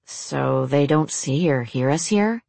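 A man's voice: fairly high pitch, expressive, vocal fry, a little mellow, dry recording, pitched below the performer's own voice, full character voice. A woman voicing a panicked young man out of his depth, blurting in a rush. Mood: bewildered. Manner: blurting, rushed.

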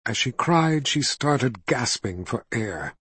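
A man narrating a fantasy novel as an audiobook, telling the story in a measured, steady way. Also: mid-range voice, husky, no echo.

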